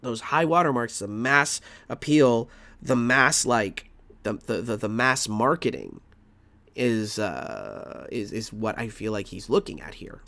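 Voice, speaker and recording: A man's voice: mid-range voice, sing-song, measured pace, vocal fry, pushed and bright, no room sound. Man ranting through a live video reaction. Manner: rambling, restarts, exasperated outbursts.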